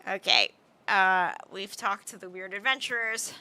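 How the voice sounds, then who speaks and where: Woman streaming a game, playful little asides, super bright voice. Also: medium pitch, unhurried, clear, resonant tone, soft background music.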